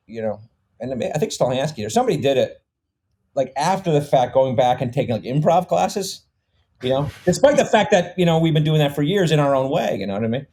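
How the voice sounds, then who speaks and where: Relaxed man explaining with lots of fillers. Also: a little high, quick pace. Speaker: comedy filmmaker. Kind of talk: casual podcast conversation.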